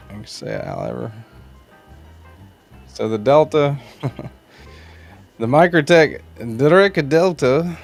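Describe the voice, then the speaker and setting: A man's voice: fairly low pitch, vocal fry. A man hosting a casual livestream, rambling in a laid-back way and greeting viewers by name. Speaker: knife channel livestream host. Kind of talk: casual livestream chat reading viewer comments.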